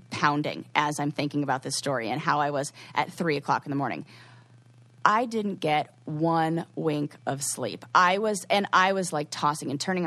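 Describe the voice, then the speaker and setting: Rambling woman podcast host, lower voice. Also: fairly bright tone. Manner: rambling, heavy use of "like". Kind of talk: casual chat, storytelling.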